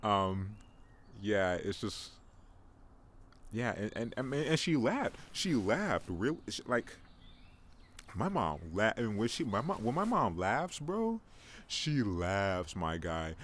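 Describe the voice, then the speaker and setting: A man's voice: lowish voice, big pitch swings, slow pace, a bit bright. A young man hosting a casual solo podcast, rambling and joking about himself with lots of restarts. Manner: rambling, joking, self-mocking, frequent restarts. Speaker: podcast host. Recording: faint background noise.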